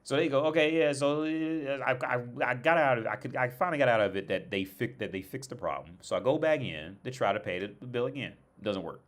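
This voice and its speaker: A man's voice: medium pitch, animated, quick pace, few pauses. A young American man tells a rambling, profane story in a casual rant, full of restarts and exasperation. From United States. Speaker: streamer.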